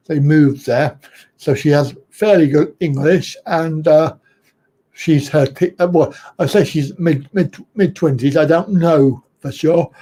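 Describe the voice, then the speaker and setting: A middle-aged man hosts a casual livestream chat at an unhurried pace. His voice sits a little high but sounds soft and mellow. He speaks bluntly, rambles between points and chuckles often. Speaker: livestream host.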